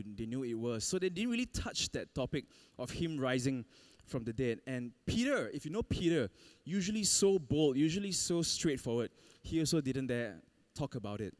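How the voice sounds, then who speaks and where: A man preaching a sermon, telling a personal story in an animated way and laughing often. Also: mid-range voice. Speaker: pastor.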